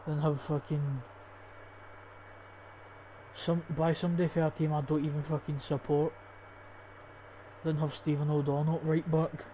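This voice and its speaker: Young Scottish man, mellow flat voice. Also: a little high, normal speed, pauses often, slight background noise, low-quality recording. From Scotland. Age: young adult. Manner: swears casually, thinks aloud. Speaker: gaming YouTuber. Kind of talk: casual gameplay commentary.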